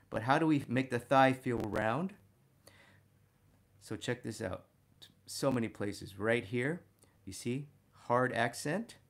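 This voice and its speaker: A man teaching figure drawing and talking through a study, energetic and punctuating his points with "boom". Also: creaky. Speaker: art instructor.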